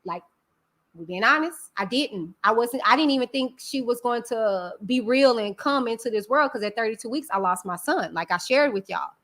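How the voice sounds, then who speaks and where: A woman's voice: a little high, expressive, moderate pace, a bit bright. A woman hosting a live stream, talking candidly and emphatically to her viewers, calling them y'all. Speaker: channel host.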